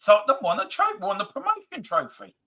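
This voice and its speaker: A man with a very bright, forceful voice hosts a casual football fan stream. He jokes easily, reads viewer comments aloud and laughs along. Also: high voice, wildly swooping pitch, fast talker, vocal fry. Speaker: co-host of fan live stream. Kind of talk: casual chat.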